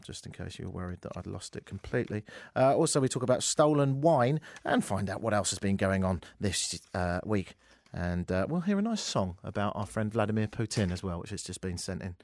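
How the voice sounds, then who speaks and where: A man hosts a radio talk show, his pitch leaping around as he rants sarcastically. He drops to muttering asides, then bursts into loud exclamations. The studio sound is dry and close. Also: lively intonation, fairly quick, creaky, dry recording. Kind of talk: comic radio monologue.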